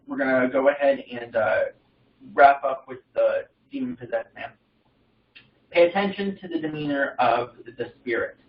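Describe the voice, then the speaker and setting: Man, rambling Bible study talk, fairly high voice, echoey room. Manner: rambling, halting, many fillers and restarts. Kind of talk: informal Bible study reading and commentary. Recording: distant mic in a roomy space, dull sound.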